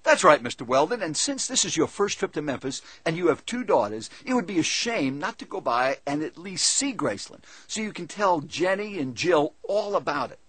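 A man's voice: on the high side, very animated, moderate pace, few pauses, a bit bright, breathy edge, no echo, full character voice. A man voicing a friendly, talkative male cab driver who speaks politely and in a folksy way. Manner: polite, folksy, keeps saying "Mister Weldon".

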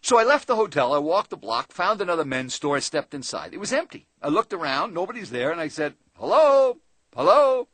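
A sales trainer telling a seminar story in a chatty manner, talking straight to the listener. His slightly high voice is a little husky and moves through a lively range. The sound is dry and close. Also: fast talker, few pauses, no echo. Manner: conversational, addresses listener directly, asks tag questions.

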